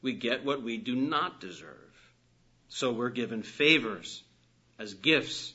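A man preaching a sermon, earnest and emphatic, lifting his voice on key phrases and dropping soft at the ends of sentences. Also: mid-range voice, slow, slightly rough. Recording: dull lo-fi recording.

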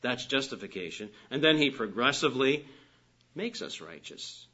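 Bright-voiced male preacher, lo-fi. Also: medium pitch, sing-song, moderate pace. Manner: earnest, emphatic, rising on key phrases and dropping soft at sentence ends. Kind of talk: sermon. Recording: dull lo-fi recording.

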